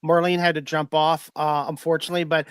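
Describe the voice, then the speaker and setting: A man's voice: fairly high pitch, level tone, fast, a bit bright, smooth, no room sound. Earnest, hesitant podcast host man. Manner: earnest, hesitant, many fillers and repeated words. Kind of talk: casual interview hosting.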